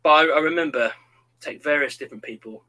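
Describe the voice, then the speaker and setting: A man's voice: a little high, fast, poor audio. A man in his thirties, chatting casually and acting out quotes as he tells stories. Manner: animated storyteller, acts out quotes. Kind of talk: casual chat.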